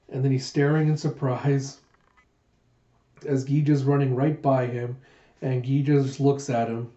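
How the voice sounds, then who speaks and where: A man reviewing a manga in a casual readthrough, animated and laughing as he retells scenes. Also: medium pitch, normal speed. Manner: animated, lots of laughing asides. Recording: echoey room, dull sound.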